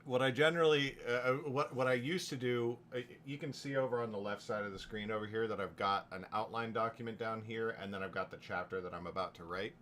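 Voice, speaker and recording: A man talking casually while streaming his writing session, rambling with restarts and quick asides. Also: on the low side, fairly even intonation, a bit bright, a little hiss or hum. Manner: rambling, with frequent restarts and chuckles. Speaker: novelist livestreaming his writing. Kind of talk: casual livestream chat.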